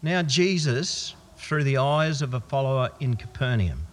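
A man's voice: mid-range voice, expressive, a little slow, few pauses. An Australian man preaching a sermon in a church, folksy and musing. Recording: long church reverb.

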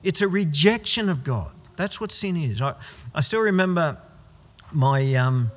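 A man's voice: on the high side, animated, unhurried. A man preaching a sermon as pastor, emphatic and posing rhetorical questions he answers himself. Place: church. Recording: long church hall reverb.

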